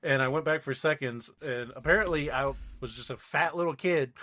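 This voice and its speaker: A man's voice: fairly high pitch, a little fast, sharp tone. A young man spins a rambling story on a podcast in a loose, casual chat. He keeps slipping into the voices of the people he quotes as he goes. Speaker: podcast co-host.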